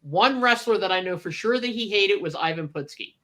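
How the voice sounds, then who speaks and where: A woman with a bright, clear voice tells stories in casual reminiscing chat. She acts out what people said as she goes, like a radio co-host looking back on the old days. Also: mid-range voice, brisk. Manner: animated storyteller, acts out quotes.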